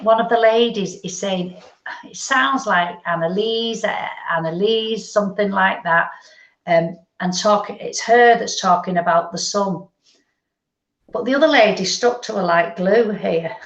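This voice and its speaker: Gentle woman medium with some fry, recorded in an echoey room. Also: mid-range voice. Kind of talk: psychic reading. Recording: lo-fi echoey stream audio.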